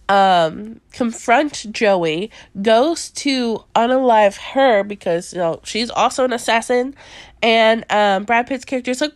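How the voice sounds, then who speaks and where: Animated young woman podcast host. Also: on the high side, no echo, clean studio sound. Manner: animated, frequent fillers, laughing often. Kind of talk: casual chat reviewing movies.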